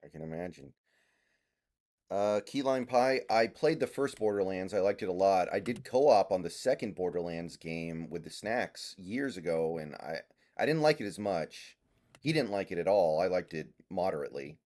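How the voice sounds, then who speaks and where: Male streamer, low-pitched and unhurried, easygoing banter with a co-player, stumbles through fillers. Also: expressive, a little mellow. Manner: laid-back, halting with fillers. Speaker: streamer reading chat. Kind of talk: casual gaming chat.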